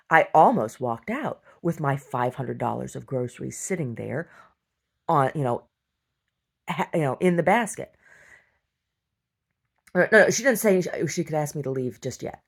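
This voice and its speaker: A woman's voice: on the low side, big pitch swings, normal speed, vocal fry. A woman telling a story in an emphatic, indignant casual rant, often asking "right?" and restarting her sentences. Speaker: vlogger.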